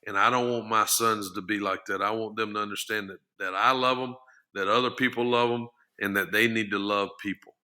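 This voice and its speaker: A man's voice: fairly low pitch, steady tone, fairly quick, sharp tone. A middle-aged man, a former football lineman, talking earnestly as a podcast guest, often restarting and repeating his words. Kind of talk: casual interview talk.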